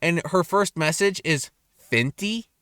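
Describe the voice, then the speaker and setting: A man's voice: normal speed, dry recording. Crude rambling young man, dry close sound. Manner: crude, self-mocking, lively swings in pitch. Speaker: vlogger. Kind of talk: rambling casual rant. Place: car in a parking lot at night.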